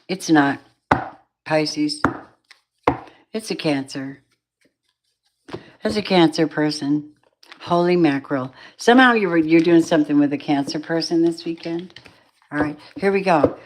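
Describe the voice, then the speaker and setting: Tired, low-voiced woman reading tarot. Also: background noise. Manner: drowsy, affectionate, rambling. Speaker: tarot reader.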